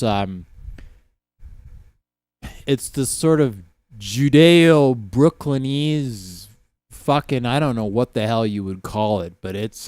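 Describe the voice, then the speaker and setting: Lively, profane Canadian man streaming. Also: on the low side, no room sound, studio quality. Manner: profane, rambling, laughs often. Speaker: livestream host. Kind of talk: casual livestream chat.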